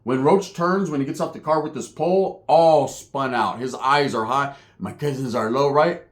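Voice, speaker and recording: Speaking at normal speed with a medium-pitched voice, a man tells a crude comedic story. His delivery is profane and animated, and he keeps ending lines with a rhetorical "right?".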